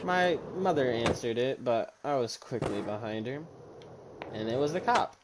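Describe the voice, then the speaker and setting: A man's voice: medium pitch, moderate pace, background noise. Profane young man telling a story. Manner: casual, profane, animated retelling with quoted dialogue. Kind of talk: casual storytime vlog.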